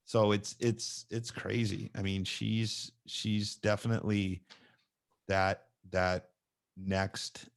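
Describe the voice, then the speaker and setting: A man hosting a podcast, coaching gymnastics and telling animated stories in casual chat. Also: fairly low pitch, slow pace, vocal fry. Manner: animated storyteller who acts out quoted lines.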